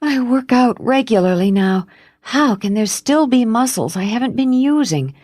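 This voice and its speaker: A woman voicing a spoiled, glamorous young woman in an audiobook, speaking in a high, pouting voice. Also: expressive, moderate pace, a little mellow, no room sound, clean studio sound.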